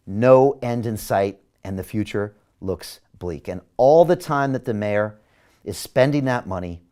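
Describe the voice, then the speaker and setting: A man's voice: lowish voice, a little mellow. Emphatic man rallying an online audience. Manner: emphatic and rallying, with repeated rhetorical questions. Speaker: mayoral candidate and show host. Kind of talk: campaign address to viewers, reading out comments.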